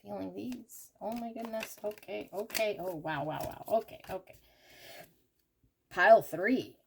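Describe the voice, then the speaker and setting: A woman's voice: mid-range voice, vocal fry, slight background noise. Emphatic woman giving a tarot reading. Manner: emphatic, ranting, rapid asides; frequent fillers like "okay" and "here". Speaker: tarot reader. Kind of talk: intuitive tarot reading to camera.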